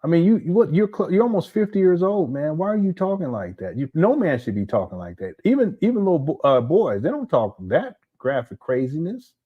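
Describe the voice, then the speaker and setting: A man's voice: fairly high pitch, big pitch swings, a little fast, few pauses, narrow, tinny audio. A man hosting a casual commentary video, laughing and making mocking asides. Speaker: commentary host.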